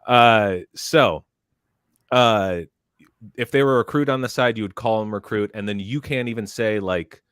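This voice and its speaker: Male podcast storyteller, low voice, animated, dry close-miked studio sound. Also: moderate pace, clean tone, dry recording. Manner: animated, barks quoted drill lines. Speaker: podcast panelist. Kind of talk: casual storytelling.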